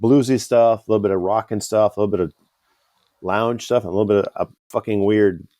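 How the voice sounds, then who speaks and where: A man's voice: fairly low pitch, fairly even intonation, a little fast, mellow, no echo. A man co-hosting a band's podcast, telling rambling stories in casual chat and swearing freely. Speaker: band member and podcast co-host.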